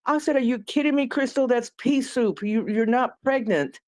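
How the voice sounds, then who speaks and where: A woman's voice: on the high side, moderate pace, a little mellow, no echo. A woman from New Mexico ranting heatedly and swearing as a panel guest on a live stream. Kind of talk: casual live-stream chat.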